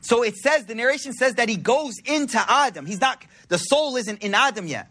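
A man's voice: extremely high pitch, lively intonation, a little fast, bright, forceful tone. A man giving an informal sermon, telling stories with slangy quoted dialogue. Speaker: preacher.

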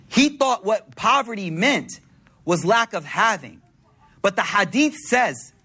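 Dude giving a religious talk, slangy and chatty, bright husky voice. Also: male voice, high voice, big pitch swings, slow, pauses often. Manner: conversational, slangy, storytelling. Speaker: religious speaker.

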